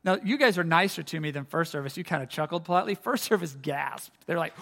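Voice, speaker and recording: A middle-aged man preaching a casual, humorous sermon as pastor, chatty and self-deprecating with halting restarts. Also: on the high side, animated, vocal fry, a bit bright. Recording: long reverb of a church hall.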